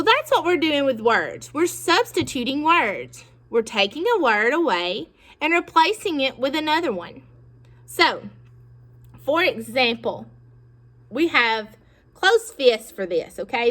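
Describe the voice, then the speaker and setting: Woman teacher doing a kids' reading lesson, kinda high voice, bouncy and singsongy, patient. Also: fairly bright tone. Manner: slow, encouraging, with pauses for pupils to echo. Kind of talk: classroom lesson to young children.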